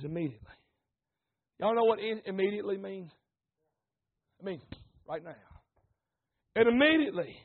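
A man preaching an impassioned sermon, repeating phrases, asking the congregation questions and rising to shouts. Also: high voice, gravelly, slightly rough. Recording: tinny phone-like recording.

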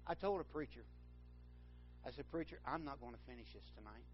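A man's voice: medium pitch, brisk, dull audio, soft background music. A man preaching a sermon, rambling and correcting himself, then building to fervent emphasis.

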